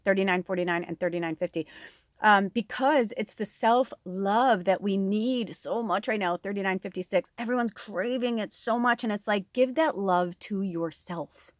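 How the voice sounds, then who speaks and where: A woman's voice: medium pitch, normal speed, dry recording, clean studio sound. A woman giving a casual tarot reading to her viewers, talking in a chatty, rambling, gushing way with plenty of fillers. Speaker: tarot reader and medium.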